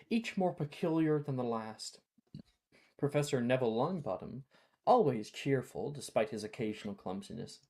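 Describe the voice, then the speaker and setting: A game master narrating a fan tabletop role-playing game in a playful, chatty way. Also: mid-range voice. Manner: animated, playful, with fillers and restarts.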